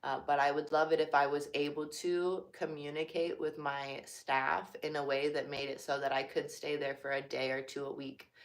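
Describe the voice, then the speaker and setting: A young woman who works as a cashier talking casually and from the heart, full of "like" and "you know" fillers. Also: sits low. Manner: chatty, filler-heavy, heartfelt. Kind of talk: casual personal talk.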